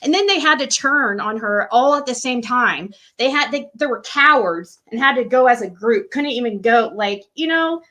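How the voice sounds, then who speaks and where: Rambling, bright-voiced woman guest. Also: fairly high pitch, lively intonation, normal speed, hardly any pauses. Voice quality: rambling, repeats herself. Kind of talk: casual live-stream chat.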